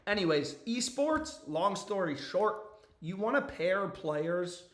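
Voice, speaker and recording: Hoarse young man with a lost voice. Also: high-pitched, measured pace, roomy sound. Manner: loose and profane, frequent "bro" and "dude" asides. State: hoarse, voice nearly gone. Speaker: sports betting streamer. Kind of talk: casual live-stream chat.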